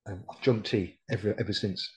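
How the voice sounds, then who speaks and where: A man's voice: on the low side, steady tone, brisk, darkish tone, poor audio. A middle-aged man, a military veteran, telling his story bluntly in a casual interview, with plenty of swearing. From United Kingdom. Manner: blunt, sweary, quotes others as he tells it. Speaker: podcast guest, decorated RAF Regiment veteran.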